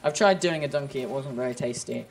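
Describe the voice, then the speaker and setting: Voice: medium pitch, fast talker, gravelly, darkish tone. A gamer chatting casually during play with a friend, playful and teasing, often laughing. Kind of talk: casual gameplay chat.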